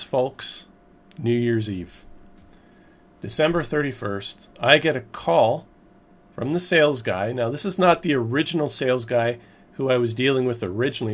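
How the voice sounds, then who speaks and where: A man vlogging, recounting a frustrating purchase in a rambling, emphatic, exasperated way. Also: mid-range voice. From Canada. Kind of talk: casual storytelling to camera.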